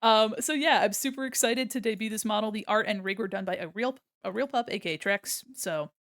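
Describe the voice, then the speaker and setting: A woman's voice: medium pitch, fairly quick, fairly bright tone, no room sound, studio quality. A woman chatting casually and rambling in a silly, giggly way on a livestream as she draws. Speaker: streamer. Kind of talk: casual livestream chat while drawing.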